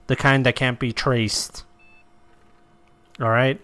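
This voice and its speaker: A man voicing a nervous, shady male arms dealer who rambles and protests loudly. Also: medium pitch, level tone, takes it slowly, no echo. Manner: rambling, defensive, loud protests.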